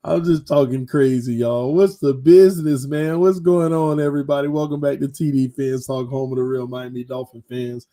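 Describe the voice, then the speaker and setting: A man's voice: mid-range voice, fairly even intonation, moderate pace, hardly any pauses, dark tone. A man hosting his own football fan channel, talking casually and animatedly, repeating phrases for emphasis. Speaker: sports channel host.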